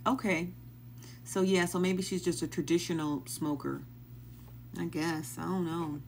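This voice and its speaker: A woman's voice: lowish voice, fairly even intonation, measured pace, darkish tone, a little hiss or hum. A woman hosting a live stream, chatting casually and asking the same baffled questions again and again while thanking viewers as they join.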